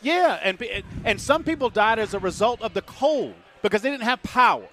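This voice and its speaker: Radio host guy, high voice that bounces all over, emphatic and argumentative, laughs easy. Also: expressive, normal speed, sharp tone, slight background noise. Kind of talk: heated live talk radio banter. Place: live remote broadcast at a bowling venue.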